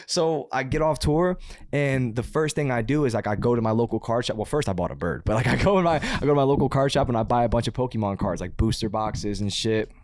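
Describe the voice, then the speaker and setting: A man telling a story as a podcast guest, in a casual, animated way, swearing and laughing as he talks. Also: mid-range voice, quick pace, no room sound. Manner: animated, profane, laughs mid-sentence.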